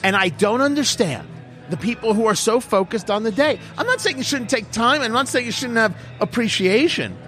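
A man's voice: very high-pitched, lively intonation, normal speed, pushed and bright, soft background music. A middle-aged man, a radio host, chatting casually with blunt, emphatic opinions. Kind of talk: casual chat.

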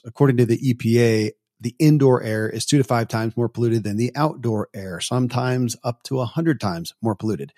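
A man's voice: medium pitch, a little mellow, no room sound, clean studio sound. A man hosting a podcast, asking thoughtful, searching questions and reading ads. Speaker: podcast host. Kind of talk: interview and ad read. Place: home studio, dry sound.

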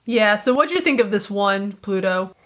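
A woman co-hosting a casual chat, lively and full of fillers, acting out quoted lines now and then. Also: medium pitch, normal speed. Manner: animated, many fillers, acts out quoted lines. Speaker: podcast co-host.

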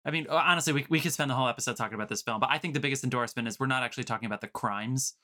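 A man's voice: medium pitch, rapid-fire, sharp tone. A man hosting a casual movie podcast over a video call, emphatic and swearing freely, with showman-style segment intros. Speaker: podcast host.

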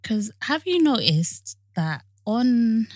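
Husky young woman podcaster. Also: a little high, no echo, studio quality. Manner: chatty and animated, laughs often, drawn-out phrasing. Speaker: podcast co-host. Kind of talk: casual chat.

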